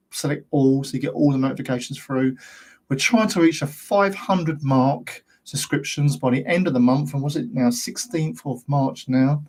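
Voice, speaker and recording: A British man hosting his own channel, talking straight to camera in a rambling, ranting monologue full of rhetorical questions. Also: fairly high pitch. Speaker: host of a paranormal investigation channel.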